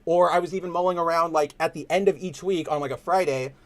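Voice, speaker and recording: A young man with a Californian accent and a fairly high voice talks quickly while hosting a casual livestream, chatting with viewers in slangy, rambling fashion.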